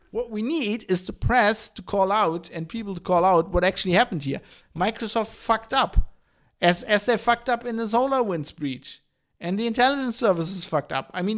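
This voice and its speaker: A man hosting a podcast, ranting in an exasperated, profane way with many restarts and fillers. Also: high-pitched. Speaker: podcast host.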